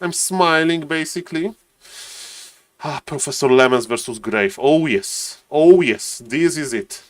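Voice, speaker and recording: A man's voice: medium pitch, a little slow, few pauses, no room sound. A man chatting casually on a live stream, greeting viewers by name and thinking aloud as he waits for a match. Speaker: streamer and caster.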